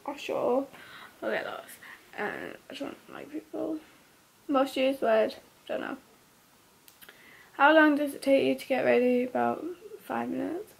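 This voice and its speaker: A young woman vlogging, reading out quick questions and giving terse, offhand one-word answers. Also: high-pitched, sing-song, creaky, slightly rough. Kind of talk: casual question-and-answer vlog.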